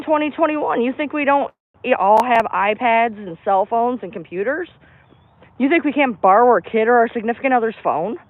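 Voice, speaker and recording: A woman vents on a livestream, blunt and emphatic, with plenty of swearing. She is recorded on a phone outdoors in a park. The sound is thin and phone-like, and very dry with no room echo. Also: sits high. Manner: blunt, profane, emphatic ranting. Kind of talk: venting on a livestream.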